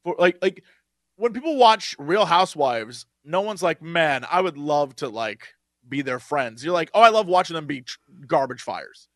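A man's voice: a little high, big pitch swings, normal speed, dry recording, clean studio sound. A man co-hosting a podcast in casual chat, complaining emphatically and with animation. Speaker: podcast co-host.

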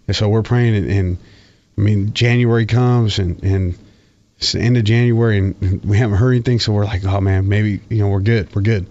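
Middle-aged man, gravelly voice, rambling storyteller with fillers, dull lo-fi recording. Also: lowish voice, a little mellow. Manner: rambling, many fillers and restarts. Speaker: former football player, guest. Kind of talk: casual storytelling interview. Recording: dull lo-fi sound.

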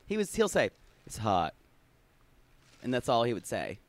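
Campy co-host, from South Carolina, lively swooping voice, dry close mic. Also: male voice, fast, no room sound. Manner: campy, sassy, swears freely, jumps to high squeals. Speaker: podcast co-host. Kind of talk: casual chat. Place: Los Angeles home.

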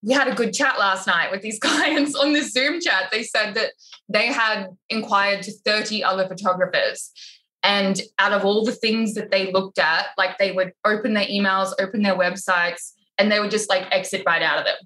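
A woman chatting casually about her photography business, animated and full of filler words. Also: mid-range voice, normal speed, rough recording. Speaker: wedding photographer, podcast guest. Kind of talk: casual podcast chat.

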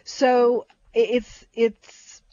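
A woman's voice: a little high, level tone, very slow, dark tone, dry recording. An older woman talks food in a loose, rambling way, restarting her sentences and circling back as she goes. The recording sounds dull and lo-fi. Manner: chatty, rambling, restarts often. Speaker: co-host. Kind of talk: casual chat about food.

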